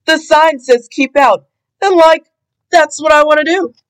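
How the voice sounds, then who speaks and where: A woman voicing a jittery, cowardly, always-hungry young man in a storybook read-aloud, with an excitable, yelping delivery. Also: high-pitched, unhurried, pitched above the performer's own voice.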